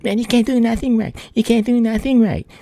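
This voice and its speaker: A man's voice: extremely high pitch, a little fast, gravelly, warm tone, dry recording, pitched above the performer's own voice. A man voicing his exasperated male boss, scolding and ranting at a worker.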